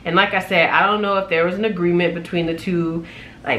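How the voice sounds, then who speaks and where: A woman's voice: on the low side, fairly quick, a little hiss or hum. Sassy woman telling a storytime vlog. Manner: animated, sassy, loud laughs, exclaiming. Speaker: flight attendant vlogger.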